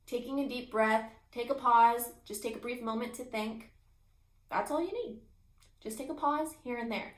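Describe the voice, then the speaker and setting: A woman instructor giving a recorded lecture, energetic and emphatic with an expressive voice. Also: fairly high pitch. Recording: echoey room.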